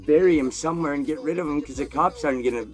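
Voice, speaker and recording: A man telling a crude, profane personal story in a casual, animated way, swearing constantly. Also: on the high side, fast talker.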